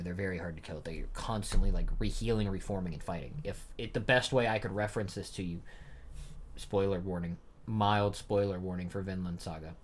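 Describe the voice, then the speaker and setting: This manga reaction streamer is a young man with a low-pitched, slightly rough voice. He reads a chapter out loud and talks it over in a loose, rambling way, full of fillers and chatty asides, as casual live commentary.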